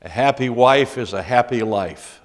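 Guy teaching bible study, slow and easygoing, asks the room stuff. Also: mid-range voice. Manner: asks the class questions, explains slowly. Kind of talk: conversational Bible class teaching.

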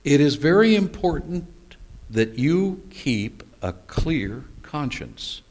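A man's voice: fairly high pitch, very animated, slow pace, a little mellow. A male pastor preaching a sermon, telling stories and asking rhetorical questions with small humorous asides.

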